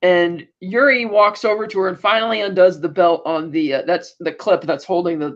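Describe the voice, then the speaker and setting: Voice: medium pitch, fairly even intonation, normal speed, highs cut off. Rambling podcast co-host recapping TV. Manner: rambling, restarts, acts out quoted lines. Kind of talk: casual TV episode recap.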